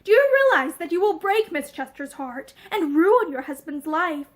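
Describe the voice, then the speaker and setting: A woman reading aloud voices a gentle man who speaks slowly and earnestly, held back by feeling. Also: extremely high pitch, sing-song. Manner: slow, labored, earnest. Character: plain-faced man, gentle and restrained.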